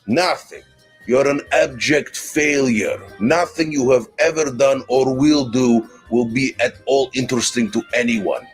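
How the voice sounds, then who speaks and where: A scornful, arrogant comic-book tyrant, as a man acts him out, hurling insults and grand boasts in a fan-made dub. The voice has a husky, breathy edge at a middle pitch. Faint music plays under the clip.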